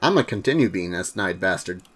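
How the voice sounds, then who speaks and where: A man's voice: deep voice, expressive, a little fast, fairly bright tone. A man casually commenting on a video game as a let's play host, joking and rambling.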